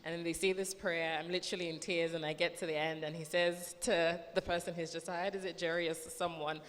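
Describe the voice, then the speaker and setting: A woman's voice: on the low side, flat delivery, a little fast, big-room sound. A woman moderating a festival panel conversation, asking questions in a chatty, searching way. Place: festival hall.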